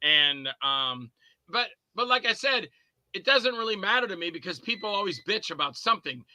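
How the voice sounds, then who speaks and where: A man's voice: high-pitched, expressive, moderate pace, pushed and bright, no echo, rough recording. A man guesting on a podcast, a filmmaker telling rambling anecdotes about his movies and acting out scenes in character voices. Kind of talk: casual anecdotes.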